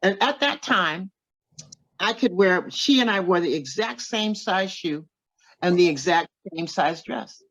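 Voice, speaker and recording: Older woman telling an animated story. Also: lowish voice, measured pace, lo-fi sound. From Oklahoma, USA. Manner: animated, acts out other people's lines while telling a story. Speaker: guest, professional singer. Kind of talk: casual interview storytelling.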